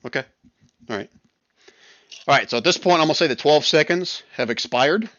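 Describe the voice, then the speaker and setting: A man narrating and running an online tabletop role-playing game as game master, relaxed and chuckling. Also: no room sound, muffled recording. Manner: relaxed, chuckling, voices the crowd in quick high bursts. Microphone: headset or desk mic on voice chat.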